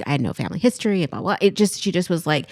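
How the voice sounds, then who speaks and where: A woman's voice: lowish voice, big pitch swings, racing, a little mellow, no room sound, clean studio sound. A woman in her thirties, co-hosting a podcast in casual chat and telling a story, acting out what other people said. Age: 30s. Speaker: podcast co-host. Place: podcast studio.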